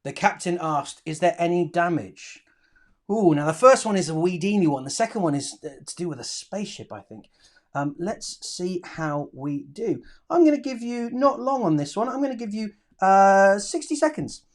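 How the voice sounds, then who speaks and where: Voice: mid-range voice, sing-song, moderate pace. Encouraging teacher in an online lesson. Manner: encouraging, praising, reads out answers. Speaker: primary school teacher. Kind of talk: live online lesson for children.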